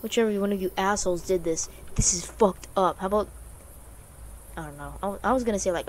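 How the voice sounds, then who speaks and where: A woman's voice: mid-range voice, brisk, noisy background. A young woman streaming a horror game, swearing freely, rambling and gasping at scares. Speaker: gaming streamer. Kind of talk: horror game playthrough commentary.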